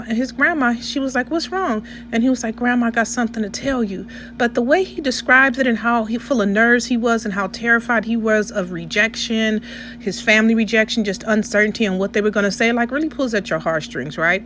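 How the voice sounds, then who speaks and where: A woman vlogger talks through a story in a chatty voiceover, often pausing to check in with her listeners. Her voice sits a little high. A faint steady hum runs underneath. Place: indoors, recorded separately from the restaurant footage.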